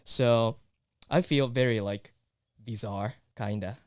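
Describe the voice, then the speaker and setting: A man from Japan, a native Japanese speaker, talking in English with a Japanese accent as a podcast guest, halting and full of "you know" fillers. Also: mid-range voice, a little mellow, clean tone, no room sound, studio quality. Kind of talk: casual chat.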